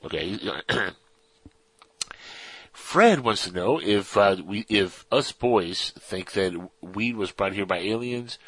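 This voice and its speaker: A man's voice: lowish voice, slow, fairly bright tone, breathy edge, no echo, rough recording. A man co-hosting a casual radio talk show, rambling and joking as he reads listener questions.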